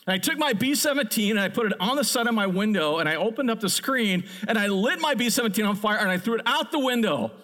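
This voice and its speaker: A middle-aged man preaching a sermon, telling a childhood story in an animated, storytelling way. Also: high voice, fast talker, few pauses. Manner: animated storyteller, builds to excited peaks. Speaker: pastor.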